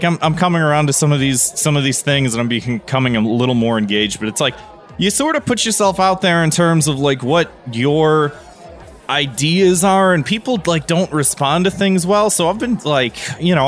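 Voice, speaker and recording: Rambling, hesitant man joking around. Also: a little high. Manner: hesitant, rambling, many fillers and restarts. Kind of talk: improvised comedy banter.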